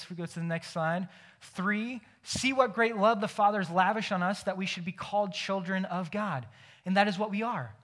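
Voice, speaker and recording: A young man preaching a sermon, animated and emphatic, acting out imagined conversations. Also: sits high. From Ohio. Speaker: pastor.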